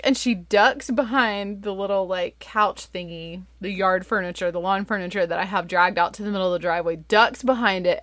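Chatty mom telling a story. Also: female voice, dry recording. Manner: lively, chatty, full of "like" fillers, jumps much higher for quoted voices. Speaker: mother telling a family story. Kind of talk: casual personal storytelling.

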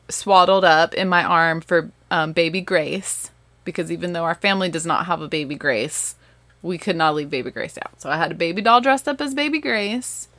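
A woman with a Southern accent chatting casually as a host, animated, laughing and correcting herself as she goes. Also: fairly low pitch, dry recording. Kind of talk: casual chat.

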